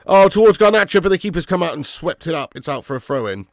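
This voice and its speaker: A man hosting a live football watch-along, calling the play and reading chat, excitable and swearing freely. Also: fairly high pitch, quick pace, gravelly, no echo, studio quality. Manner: excitable, swears, jumps from play calls to chat shout-outs. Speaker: fan channel host.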